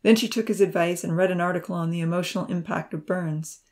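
A woman narrating a Christian children's storybook aloud in a steady, expressive reading. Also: fairly low pitch, fast talker. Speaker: audiobook reader.

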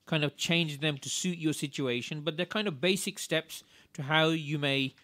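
A man co-hosting a radio show, calmly walking listeners through parenting steps and repeating the key points. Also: a little high, normal speed, no room sound. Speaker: radio co-host. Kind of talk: parenting advice talk.

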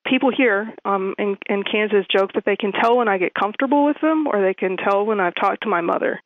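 A woman's voice: medium pitch, fairly quick, no room sound. A woman with a Southern accent talking in an interview, hesitant with many ums. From American South. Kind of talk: casual interview. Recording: tinny phone line.

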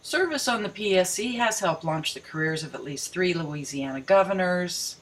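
A woman's voice: fairly low pitch, lively intonation, normal speed, rough recording. A woman reading news articles aloud and breaking off to mock them, rereading lines for emphasis. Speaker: video commentator.

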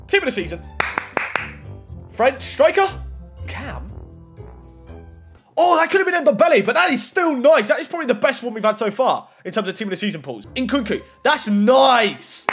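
A young man giving casual, excitable commentary while opening game packs, shouting at good pulls and muttering at bad ones. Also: high-pitched. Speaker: gaming YouTuber.

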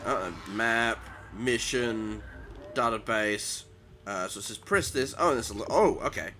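A man's voice: fairly low pitch, unhurried, pushed and bright, slight background noise. Jittery man narrating a horror game. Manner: easily frightened, nervous exclamations while playing. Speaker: gaming channel host. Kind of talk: let's play commentary. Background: game music.

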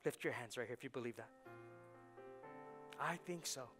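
A man preaching a sermon as pastor, swinging from hushed, quiet lines to loud, rising ones and repeating phrases for emphasis. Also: medium pitch, moderate pace, over music. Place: church sanctuary.

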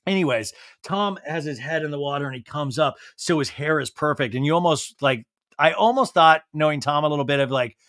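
A man's voice: on the high side, brisk, a bit bright, dry recording, studio quality. A man hosting a podcast, giving a comedic reality TV recap full of jokey asides. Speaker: podcast host.

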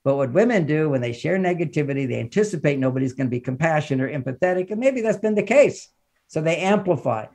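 A man's voice: on the high side, lively intonation, fast talker, a little mellow. A man, a relationship author and counselor, talking as a podcast guest in an emphatic, teacherly way, often laughing as he speaks. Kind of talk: podcast conversation, advice and explaining.

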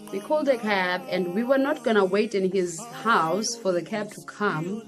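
A young woman vlogger tells a personal story, animated and dramatic, mixing in Xhosa phrases. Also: mid-range voice, normal speed, few pauses, music in the background. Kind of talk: storytime vlog.

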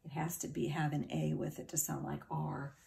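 Middle-aged woman teacher, low gravelly voice, slow and patient phonics delivery for kids. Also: level tone, warm tone. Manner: patient, encouraging, spells words out letter by letter. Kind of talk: phonics lesson for children.

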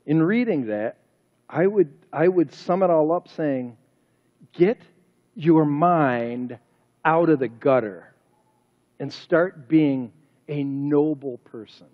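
A male pastor preaches a sermon in a fairly high voice, pressing his points with rhetorical questions. His words ring with a long reverb through the church sanctuary. The recording sounds dull and lo-fi. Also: slow pace, long pauses.

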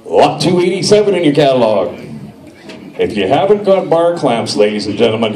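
A middle-aged man working as an auctioneer, calling bids in a rapid-fire rhythmic chant with rolling number calls. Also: medium pitch, very animated, warm tone. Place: large echoey auction hall. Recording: echoey hall, voice from far off.

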